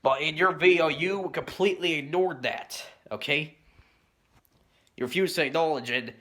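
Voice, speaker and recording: A man with a slightly high, bright, ringing voice rants in a loose, rambling way. He keeps circling back with "you know" and "stuff like that", and he clears his throat between points. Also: normal speed. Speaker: commentary YouTuber. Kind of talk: rambling response rant.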